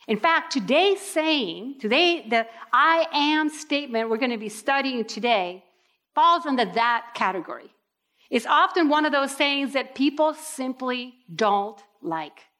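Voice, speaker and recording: A woman preaching a sermon in an animated way, acting out people's reactions with sudden leaps in her voice. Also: high-pitched, moderate pace.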